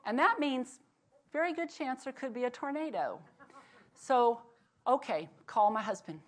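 A woman giving a devotional talk, telling a lively personal story and then slowing into earnest encouragement. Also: fairly high pitch. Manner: animated storyteller turning earnest and slow when exhorting. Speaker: devotional speaker.

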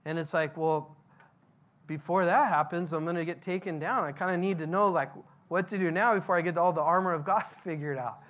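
A man's voice: fairly high pitch, fairly quick, a bit bright. A male pastor preaching a verse-by-verse sermon in a conversational, emphatic way, asking the congregation questions.

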